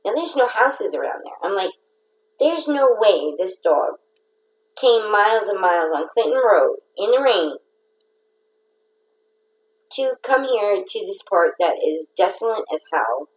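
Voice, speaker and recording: A woman's voice: medium pitch, very animated, measured pace, pauses often, low-quality recording. A middle-aged woman hosting a casual livestream, telling a rambling, playful story. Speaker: host of a craft livestream.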